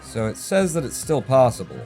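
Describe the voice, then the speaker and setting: A man's voice: medium pitch, wildly swooping pitch, moderate pace, dark tone. A man streaming a speedrun, commenting on his play while swearing and talking to himself. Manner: swears often, mutters running self-talk. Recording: game music under voice.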